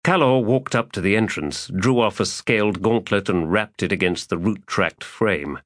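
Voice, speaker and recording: Deep-voiced man narrating a story. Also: moderate pace, no room sound, studio quality. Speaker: audiobook narrator. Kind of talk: scripted narration.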